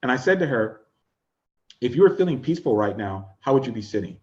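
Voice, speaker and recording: A man's voice: medium pitch, big pitch swings, fast talker, darkish tone, highs cut off. A man teaching an online class, coaching listeners through steps and acting out the tones of voice he describes. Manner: coaching, demonstrates vocal tones.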